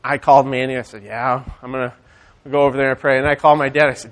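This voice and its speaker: A man preaching a sermon, animated and conversational, swinging from loud rallying calls to quiet storytelling. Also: mid-range voice, fast talker. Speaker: church speaker.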